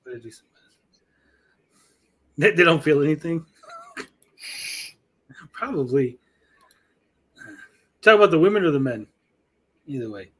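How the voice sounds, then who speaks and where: A man in his thirties hosts a loose after-show podcast, swearing freely and acting out quotes as he tells his stories. His voice sits a little high for a man. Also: expressive, measured pace, long pauses. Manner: swearing, storytelling, acts out quotes. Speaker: podcast host. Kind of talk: casual crude banter.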